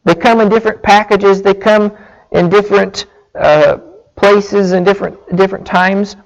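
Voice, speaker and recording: A man's voice: sits high, fairly even intonation, moderate pace, gravelly, dull audio. A man preaching a sermon, earnest and illustrative, with small restarts. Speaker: pastor.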